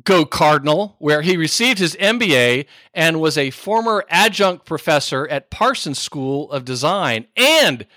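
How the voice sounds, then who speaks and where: Upbeat male podcast host, animated bright delivery, dry close recording. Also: a little high, a little slow, few pauses, dry recording. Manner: upbeat, playful, laughs easily. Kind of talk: scripted podcast introduction and interview.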